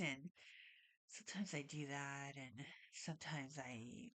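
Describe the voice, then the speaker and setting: A woman's voice: very deep voice, moderate pace, a bit bright. A woman vlogging casually at home, rambling and saying "like" a lot, with a stuffy nose and audible breathing. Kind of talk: casual talk to camera. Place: at home, alone.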